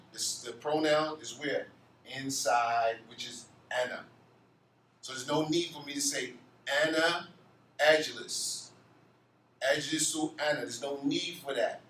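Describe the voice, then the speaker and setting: A man's voice: mid-range voice, a bit bright, distant mic, slight background noise. Man teaching grammar in an echoey classroom. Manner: asks the class questions and answers them himself. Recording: echoey room, off-mic, faint ambience.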